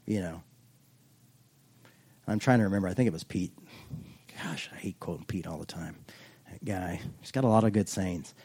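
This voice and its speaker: A man preaching a casual, humorous sermon, chatty and self-joking, reading scripture slowly and deliberately. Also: deep voice, darkish tone, husky. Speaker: pastor.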